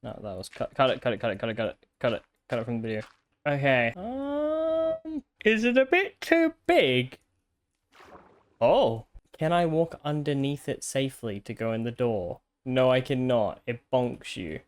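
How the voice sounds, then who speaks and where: A man's voice: mid-range voice, a little fast. Chatty man narrating his gameplay. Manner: chatty, self-mocking, bursts of excited exclamation. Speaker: gaming content creator. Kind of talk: casual gameplay commentary.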